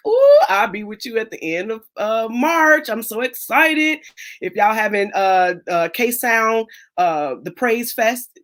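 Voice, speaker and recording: A woman hosting a casual chat over a video call, animated and repeating herself, acting out the voices of people she quotes. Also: mid-range voice. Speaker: host of a live chat.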